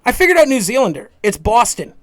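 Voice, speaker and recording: A man's voice: very high voice, very animated, fast talker. A young man with a Wisconsin accent, co-hosting a casual podcast, rambling and swearing constantly as he jokes around. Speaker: podcast co-host. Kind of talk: casual profane banter.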